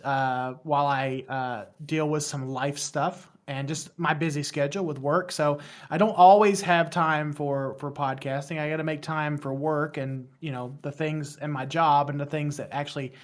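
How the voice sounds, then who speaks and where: A man's voice: a little high, fairly even intonation, normal speed, few pauses. A man in his thirties from West Virginia with a West Virginian accent, a podcast guest chatting casually, rambling and self-deprecating with frequent restarts. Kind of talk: casual interview chat.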